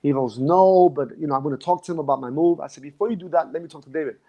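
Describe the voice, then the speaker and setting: Talking rapid-fire in a slightly high voice, a male dance instructor recalls his past as a guest in casual conversation, reflective and emotional, with many restarts. The recording has its highs cut off.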